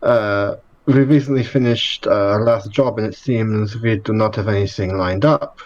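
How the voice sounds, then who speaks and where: A man's voice: on the low side, moderate pace, a little mellow, highs cut off. A man playing a tabletop game, speaking politely and formally in character. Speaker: player. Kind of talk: tabletop game role-play.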